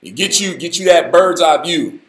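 A man hosting a casual Bible study, talking in an animated, folksy, slangy way. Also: fairly high pitch, moderate pace, roomy sound. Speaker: host, Bible teacher.

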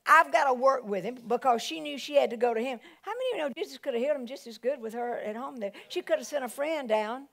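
Woman pastor, lively sermon delivery, slightly high voice, calls out often. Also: fast, vocal fry, few pauses. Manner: animated preaching with exclamations.

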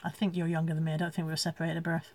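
A woman's voice: sits low, monotone, very fast, darkish tone. A woman chatting casually from home on a live stream, rambling, laughing often and reading out viewer comments. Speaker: reseller hosting a live stream.

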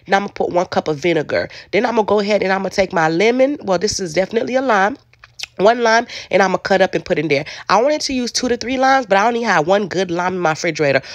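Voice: mid-range voice, a bit bright, no echo, studio quality. A home cook giving a casual cooking tutorial in a kitchen, talking straight to viewers and calling them baby, in loose, colloquial speech with many repeats.

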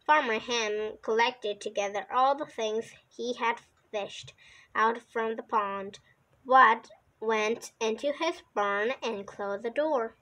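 A woman with a fairly high, fairly bright voice reads from a children's picture book in a low-quality recording. Her reading is slow and relaxed, with the occasional mistake and restart.

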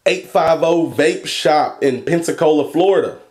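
A young man talking casually in a vlog, cursing and joking as he reads a long list of shout-outs and stumbles over place names. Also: on the high side, normal speed. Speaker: vlogger and e-liquid maker.

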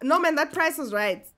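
A young woman giving casual, animated commentary as she plays a game, exclaiming and chatting to her viewers. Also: sits high, a little hiss or hum. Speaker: gaming streamer.

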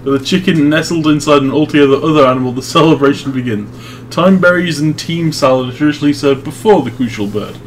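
A man's voice: a little high, fast talker, slight background noise. Dry-reading young man, casual. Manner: laughs often, reads narration dryly. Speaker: host. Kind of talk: casual chat and script reading.

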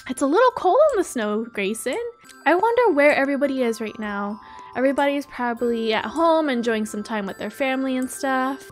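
Excitable young gamer girl doing roleplay commentary, high voice, lots of gasps, faint music behind. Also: a little fast. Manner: bubbly and excitable, frequent gasps. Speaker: gaming YouTuber. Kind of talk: role-play game commentary.

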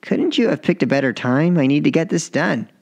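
A man's voice: on the high side, lively intonation, a little fast, a little mellow, dull audio, voice pushed up. A man voicing an ambitious, impatient young male writer in an audiobook story, talking with urgent insistence.

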